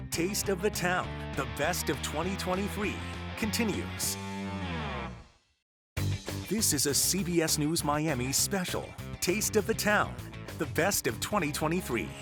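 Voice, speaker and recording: A man's voice: on the high side, lively intonation, unhurried. A man announcer giving a formal TV station promo. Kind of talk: broadcast announcement. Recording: loud guitar music under voice.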